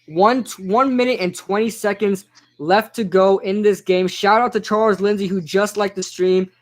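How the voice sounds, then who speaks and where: A young man casually reacting live to a football game, chatting with viewers and shouting out their names. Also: high-pitched, moderate pace. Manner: excitable, chatty, reads out chat names. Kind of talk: casual live-stream commentary.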